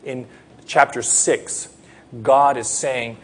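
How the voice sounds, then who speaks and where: A man preaching at a baptism, earnest, swinging from quiet teaching to loud pleading prayer. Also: medium pitch, normal speed, husky. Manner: earnest, rises to loud pleading prayer then drops soft. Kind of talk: sermon.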